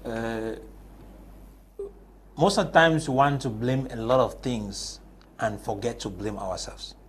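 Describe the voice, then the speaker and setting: A man from Cameroon, serving as a panelist on a televised discussion in a studio, makes his case forcefully through rhetorical questions. He speaks slowly in a husky, mid-range voice.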